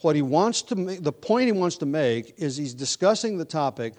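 A man's voice: on the high side, very animated, normal speed, a little mellow. A man preaching an expository sermon, explaining grammar patiently with frequent restarts, then building to emphatic stress on key words. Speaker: pastor.

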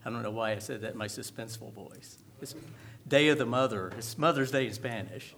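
A man runs the announcements at a church service in a loose, joking manner. His voice sits at a middle pitch, and the room around him is noisy. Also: normal speed, few pauses. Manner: joking, relaxed. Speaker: worship leader. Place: church sanctuary.

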